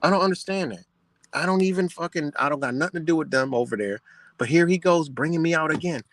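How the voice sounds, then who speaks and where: A man's voice: on the high side, quick pace, a bit bright, no echo. A man ranting heatedly and profanely on his livestream, repeating himself as he vents. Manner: agitated, profane, repetitive ranting.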